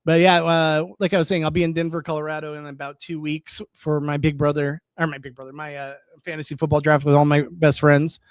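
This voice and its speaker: Brief: a young man as an excitable live-stream host with a slightly high voice, dry close sound. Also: a little fast, hardly any pauses, no echo. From California. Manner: chatty and excitable, reacts aloud, laughs often. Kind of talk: casual live-stream chat, reading comments.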